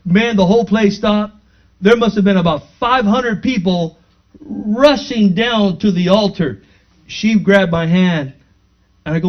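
High-voiced pastor telling a story. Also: male voice, unhurried. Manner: storytelling, acting out dialogue, rising to fervent praise. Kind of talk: sermon testimony. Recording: dull lo-fi recording.

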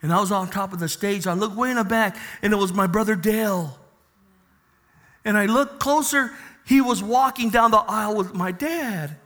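A man preaching a sermon as a pastor, telling a personal story with passion and loud emphatic bursts. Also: high voice, normal speed.

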